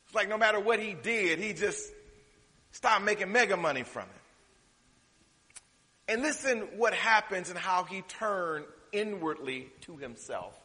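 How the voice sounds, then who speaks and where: A high, bright-toned man preaches a sermon in a hall with a long echo. He builds to loud, drawn-out declarations, then drops to quiet, quick asides. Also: lively intonation. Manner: dramatic, swinging from loud preaching to hushed asides. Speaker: pastor. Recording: reverberant hall.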